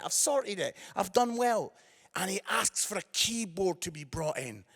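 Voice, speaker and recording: A man in his fifties doing stand-up storytelling on stage, animated, with quick "yeah?" asides to the crowd. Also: high-pitched, in a large hall. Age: 50s. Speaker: comedian and evangelist. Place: live venue before an audience.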